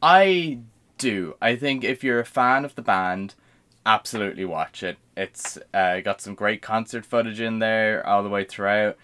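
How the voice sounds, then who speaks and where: A man's voice: lowish voice, a little slow, sharp tone, smooth. A man co-hosting a podcast in casual chat, rambling and swearing freely with lots of fillers and restarts. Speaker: podcast co-host.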